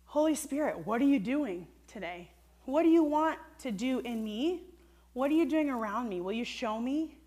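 A woman preaching a sermon in a warm, conversational way, slipping into a personal story with plenty of casual fillers. Her voice sits a little higher than most women's, and she talks earnestly and directly to her listeners.

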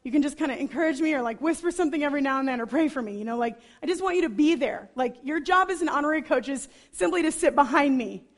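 A woman quoting a young woman athlete, high and upbeat. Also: fast, few pauses, natural voice. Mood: gently teasing.

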